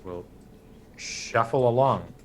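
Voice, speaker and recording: A man playing a tabletop game, speaking in a halting, hesitant way. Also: mid-range voice, a little hiss or hum. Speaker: player.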